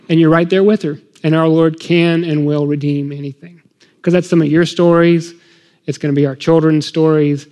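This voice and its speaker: Earnest middle-aged man, fairly high voice. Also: fairly even intonation, brisk, a little mellow, long reverb tail. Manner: earnest, emotional, acts out parent-child dialogue. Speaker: guest speaker on parenting. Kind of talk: conversational faith talk.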